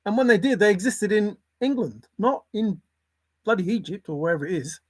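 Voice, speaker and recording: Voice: medium pitch, expressive, fairly quick, no room sound. An older grandparent hosting a casual livestream, rambling irreverently and swearing offhand as they react to chat. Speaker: livestream host reading chat.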